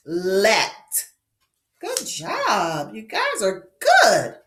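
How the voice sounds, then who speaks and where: A woman teaching young children phonics, sounding out vowels slowly and with exaggeration, sing-song and encouraging. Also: mid-range voice, wildly swooping pitch, fairly bright tone, echoey room.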